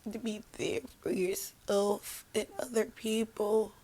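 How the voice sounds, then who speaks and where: A woman hosts her own podcast in a raw, heartfelt monologue, still tearful from crying and mocking herself as she goes. Her voice is husky and gravelly, sitting a little low, and she talks slowly with long pauses. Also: little pitch movement, dark tone. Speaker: podcast host. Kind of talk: emotional personal podcast monologue.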